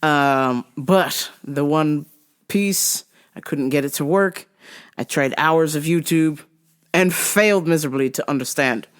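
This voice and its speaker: A woman's voice: sits low, measured pace, clean tone. A woman hosting her own online radio show in a casual, joking monologue, laughing often and swearing freely. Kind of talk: casual solo podcast monologue.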